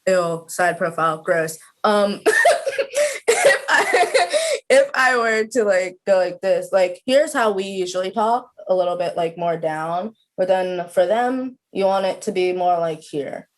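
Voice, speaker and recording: A woman's voice: lowish voice, unhurried, hardly any pauses, darkish tone, slight background noise. A woman of about twenty, a student guest on a video call, chatting casually with lots of "like" fillers. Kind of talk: casual interview chat.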